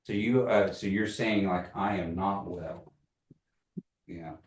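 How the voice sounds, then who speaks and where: Low-voiced man teaching a class, echoey room. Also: far from the mic. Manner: patient, joking, repeats phrases slowly for the class. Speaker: language teacher. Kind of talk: community language class.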